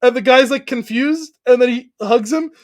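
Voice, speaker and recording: Man, podcast co-host, high voice, animated storyteller, laughs a lot. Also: normal speed. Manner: animated storyteller, acts out lines, laughs often. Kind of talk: casual chat, retelling a comedy scene.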